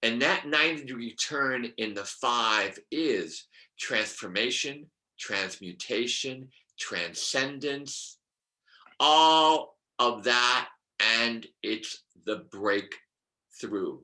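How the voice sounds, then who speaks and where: A middle-aged man on a video call explaining numerology in an expressive teaching style, dropping now and then to a whisper and asking his listeners questions. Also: medium pitch, very slow. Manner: expressive, drops to whispers, asks the audience questions. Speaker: numerologist guest. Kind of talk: animated teaching talk. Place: room with brick wall.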